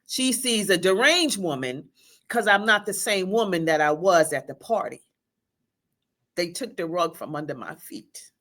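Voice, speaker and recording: A middle-aged woman, a guest, telling an emotional personal story in a halting way, with restarts and quoted speech. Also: on the low side, expressive, a bit bright.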